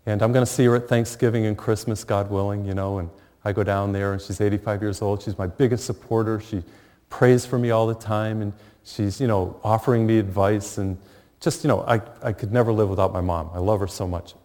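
A middle-aged man preaching a sermon, telling a funny family story with lively pauses and warmth of humor. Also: fairly low pitch. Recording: long hall reverb.

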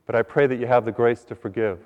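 A priest giving an earnest sermon, repeating words and building to higher emphasis on key points. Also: male voice, steady tone, fast, long reverb tail, muffled recording. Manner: earnest, repeats words, rises in pitch when stressing a point.

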